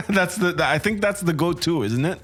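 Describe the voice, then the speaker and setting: Chatty male podcast host, lively pitch. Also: soft background music. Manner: halting, many fillers and restarts, reads chat questions. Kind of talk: casual chat.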